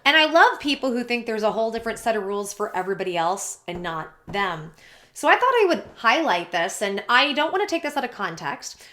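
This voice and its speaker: Young woman, commentary host: bright tone, indignant, sarcastic edge, casual delivery. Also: on the high side, sing-song, fairly quick. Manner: chatty, indignant, sarcastic asides. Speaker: commentary YouTuber.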